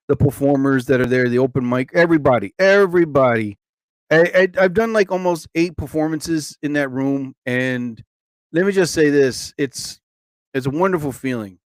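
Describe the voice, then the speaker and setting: Man, livestream host, rambling chat, fairly high voice, smooth and crisp. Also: dry recording, clean studio sound. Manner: rambling, animated, lots of fillers. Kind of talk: rambling live-stream chat.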